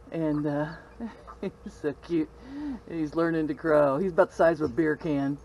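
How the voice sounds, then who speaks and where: A woman's voice: deep voice, a little slow, long pauses, a little mellow, low-quality recording. An older woman chatting casually in a vlog, recorded outdoors on a farm with a handheld camera. She talks in a chatty way and coos and baby-talks to her animals. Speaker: vlogger on a small farm. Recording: outdoor noise, animals and passing cars.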